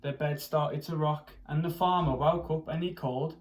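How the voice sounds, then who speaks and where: A primary school teacher reads a picture book aloud to children, pausing to ask them questions and doing expressive character voices and animal noises. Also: medium pitch. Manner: pauses to ask young listeners questions.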